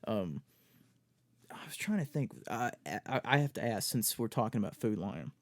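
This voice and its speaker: A man's voice: lowish voice, normal speed, no echo. A young man co-hosting a podcast in casual chat, griping about work and quoting people, swearing often. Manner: profane, quotes people in animated voices. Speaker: podcast co-host.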